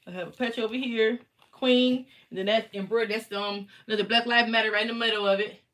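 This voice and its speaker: Woman, friendly craft-seller host talking straight to camera, casual live chat, bright tone. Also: fairly high pitch, steady tone, fast. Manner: chatty, talks straight to viewers. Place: home basement.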